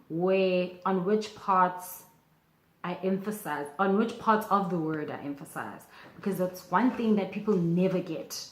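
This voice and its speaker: A young woman teaching a casual video language lesson, chatty and animated, with bursts of excitement and many fillers. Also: on the low side, echoey room.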